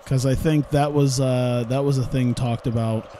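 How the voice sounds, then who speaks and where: A man's voice: mid-range voice, fairly even intonation, moderate pace, dark tone, a little hiss or hum. A young man streaming a game, casually rambling through a story with frequent laughs and swearing. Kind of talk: casual gameplay commentary.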